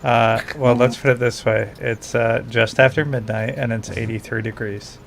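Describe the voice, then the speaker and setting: A man from Florida in casual chat, teasing the others with quick jokes. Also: mid-range voice, fairly even intonation, creaky, slight background noise.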